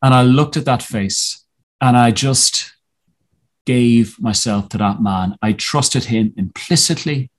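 A man as a podcast guest telling a personal story in a reflective, earnest way, often halting and restarting his sentences. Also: medium pitch.

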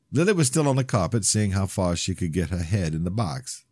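A man reading his own novel aloud in measured first-person narration. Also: deep voice, sing-song, a little mellow, dry recording, clean studio sound. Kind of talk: audiobook narration.

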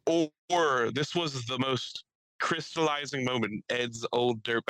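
A young man co-hosting a podcast, telling a story and acting out the people in it with lively voice changes. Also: mid-range voice, a little slow, no room sound, rough recording. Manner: animated, acts out quotes in shifting voices. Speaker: podcast co-host. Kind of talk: casual storytelling chat. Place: studio.

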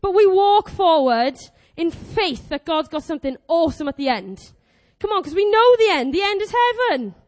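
A woman in her twenties preaching a lively sermon, animated and exclamatory, acting out quoted prayers. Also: very high-pitched, normal speed, few pauses. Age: 20s.

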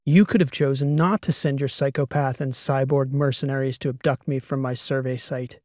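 A man's voice: medium pitch, steady tone, moderate pace, darkish tone, no echo, clean studio sound, lightly acted. A man voicing an agitated, incredulous male historian who keeps firing off demanding questions. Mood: exasperated.

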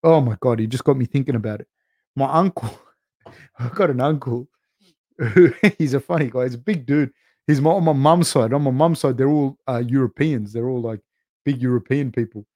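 A man's voice: mid-range voice, darkish tone, dry recording, clean studio sound. A young man hosting a podcast, telling rambling stories in a loose, casual way, full of "like" and "dude" and the odd swear word. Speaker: podcast host and coach. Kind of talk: casual chat, rambling storytelling.

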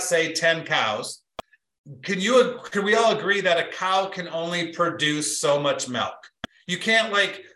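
A man's voice: fairly high pitch, reverberant, poor audio. A middle-aged man giving a motivational business talk as guest speaker, telling stories and acting out the quotes in them. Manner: animated storyteller, acts out quotes.

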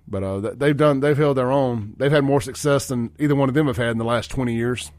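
Folksy radio host, riled up. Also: male voice, fast talker, a little mellow, no echo. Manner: folksy, worked-up rants, pitch climbing when riled. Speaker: radio talk show host. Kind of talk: opinionated sports talk. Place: radio studio. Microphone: studio microphone.

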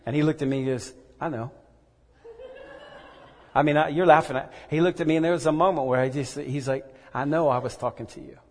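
A man preaching a sermon and telling a personal story, earnest and halting, often repeating words. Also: on the high side, fairly even intonation, a little mellow, a little hiss or hum. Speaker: pastor. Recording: echoey hall reverb.

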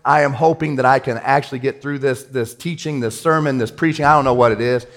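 A man preaching a sermon as pastor, his voice sitting in an ordinary middle pitch. He talks casually and excitably, with plenty of everyday slang between the scripture. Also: fast.

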